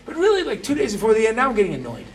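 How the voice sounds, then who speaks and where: Far from the mic, a man of about fifty rattles off a personal anecdote to his audience. His high voice swings hugely in pitch at a rapid-fire clip. He's chatty, checking in with "right?" again and again.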